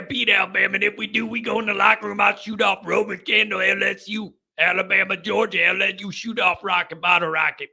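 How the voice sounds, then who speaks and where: A man doing an impression of a gruff, bragging middle-aged football coach, shouting in a rambling way. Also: high voice, exaggerated voice.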